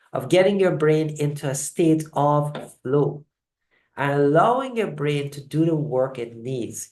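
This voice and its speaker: A host running a live online talk, teaching motivational lessons and telling stories in an animated way. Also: medium pitch. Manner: animated storyteller, shifts loudness often. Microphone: video call. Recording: roomy echoing sound.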